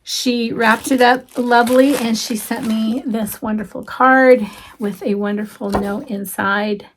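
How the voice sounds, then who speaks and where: A woman chatting casually to her viewers as she shows off stitching gifts, gushing warmly and dropping into soft asides with frequent ums. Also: a little high, steady tone, measured pace, slight background noise. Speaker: cross-stitch vlogger. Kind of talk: casual show-and-tell chat.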